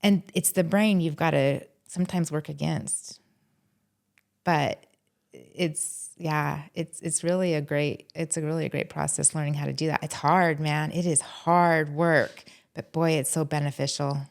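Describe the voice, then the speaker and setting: A woman therapist speaking as a podcast guest, talking in a casual, animated and heartfelt way about her work. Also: deep voice, measured pace, creaky. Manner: animated, acts out quotes from clients and herself.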